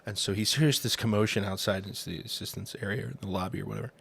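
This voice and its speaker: A man co-hosting a casual podcast, telling a story in a relaxed, halting way. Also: fairly low pitch, gravelly, slightly rough. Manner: telling a story with fillers and restarts. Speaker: podcast co-host.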